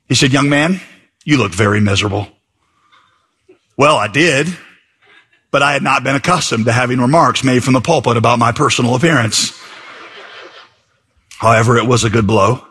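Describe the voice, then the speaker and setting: A man's voice: mid-range voice, fairly bright tone, slightly rough. A man preaching a sermon as pastor, conversational and reading passages aloud with fillers.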